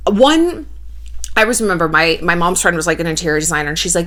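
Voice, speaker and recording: Animated, profane woman vlogger. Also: fairly low pitch, brisk. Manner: animated, profane, chatty with filler 'like'. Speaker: YouTuber commentator. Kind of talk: casual commentary vlog.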